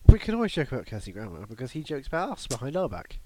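A man's voice: mid-range voice, wildly swooping pitch, very fast, dark tone, a little hiss or hum. A man hosting a casual comedy podcast, riffing in a jokey, mock-serious way.

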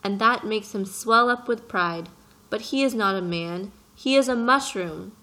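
A woman's voice: mid-range voice, unhurried, sharp tone. A woman voicing an earnest little boy prince who presses his questions with passion in an audiobook reading. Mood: indignant. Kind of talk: audiobook character voice.

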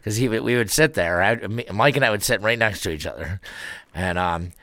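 Brief: man, deep voice, laughing storyteller on a podcast, dry mic, faint music. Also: brisk, sharp tone, dry recording. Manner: laughing, telling stories. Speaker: podcast co-host. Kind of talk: casual podcast chat.

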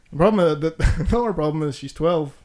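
A man's voice: on the high side, a little mellow. Ranting, foul-mouthed male podcast host. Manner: ranting, heavy swearing; laughs between complaints. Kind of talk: casual chat.

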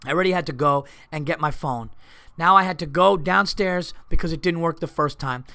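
Male comic host, casual storytelling rant, animated and profane, slightly high voice. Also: a little fast, creaky. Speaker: comedian and podcast host.

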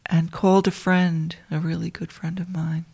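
A woman telling a personal story to listeners she calls dear friends, in a soft, intimate way that often drops to a whisper. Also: lowish voice, little pitch movement, moderate pace, vocal fry, husky.

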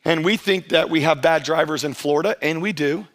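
High-voiced energetic male pastor preaching. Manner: energetic, conversational preaching, plays voices of churchgoers; stretches key phrases slowly for emphasis. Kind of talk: sermon.

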